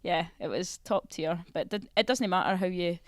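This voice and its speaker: A woman's voice: fairly low pitch, normal speed, dry recording, studio quality. A woman with a Scottish accent, chatting casually as a guest and laughing often. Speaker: footballer guest. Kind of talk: casual chat.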